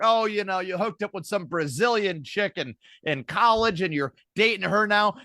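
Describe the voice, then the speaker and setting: A man from the United States, co-hosting a podcast, ranting in a brash, animated way and swearing freely. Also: high voice, no room sound, studio quality. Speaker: podcast co-host. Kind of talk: casual podcast chat.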